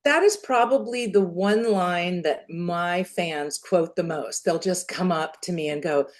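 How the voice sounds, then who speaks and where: A woman guest on a podcast, telling stories in an animated, laughing way. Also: on the low side, unhurried. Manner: animated storyteller, laughs often. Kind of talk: casual interview chat.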